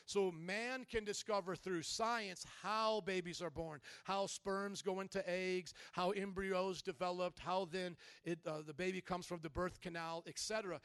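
A male pastor preaching a sermon in a lively way, leading the congregation in call-and-response. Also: sits high, clean tone, dry recording.

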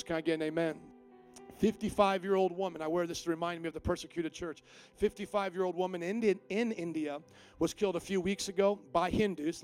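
A man pastor preaching a sermon with emphatic delivery, swinging between quiet and loud. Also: a little high.

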